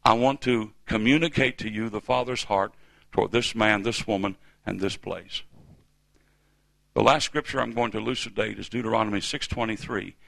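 A man's voice: lowish voice, normal speed, vocal fry, fairly bright tone, no room sound. A man in his fifties from the United States preaching a sermon in a church, with emphatic call-and-response delivery. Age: 50s.

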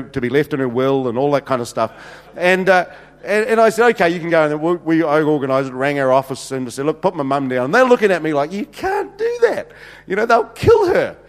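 A man's voice: on the high side, clean tone. Nz pastor guy, middle-aged, funny rambling sermon story, lots of uh and um, big echoey church. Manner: humorous, anecdotal, many fillers. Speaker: senior pastor. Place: church hall. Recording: long hall reverb.

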